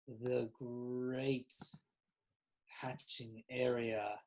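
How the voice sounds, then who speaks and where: Relaxed woman game master, low voice, fillers and laughs. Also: a little slow. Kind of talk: narrating a tabletop game.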